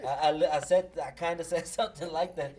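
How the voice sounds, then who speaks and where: A man's voice: fairly high pitch, steady tone, moderate pace, background noise. A man on a podcast telling a profane story in casual chat, acting out what people said. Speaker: podcast host.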